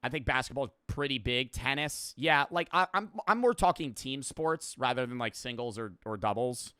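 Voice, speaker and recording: Bright, profane streamer man. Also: medium pitch, lively intonation, normal speed, smooth, dry recording, clean studio sound. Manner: rambling, profane, offhand. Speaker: streamer reacting to a video. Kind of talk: casual reaction commentary.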